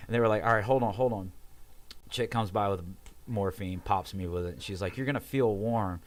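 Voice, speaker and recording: Young man, low-pitched, casual storyteller who acts out every voice. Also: a little fast. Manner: animated, acts out quoted voices, swears. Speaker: podcast guest telling a story.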